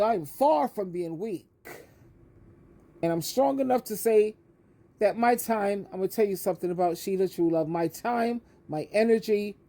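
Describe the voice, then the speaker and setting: Her voice is fairly high and mellow: an older advice coach preaching straight to camera. She hammers her points by repeating words and keeps addressing the listener as honey.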